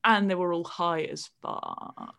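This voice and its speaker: A woman, co-hosting a podcast and explaining ideas with animated enthusiasm in casual chat. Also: lowish voice, slow, creaky. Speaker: podcast co-host.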